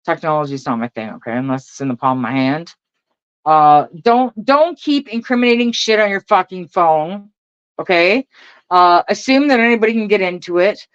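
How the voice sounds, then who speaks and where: A woman's voice: lowish voice, moderate pace, clear, resonant tone, no room sound, highs cut off. A middle-aged woman, ranting casually and profanely to her viewers, laughing often between lines. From Canada. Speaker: vlogger.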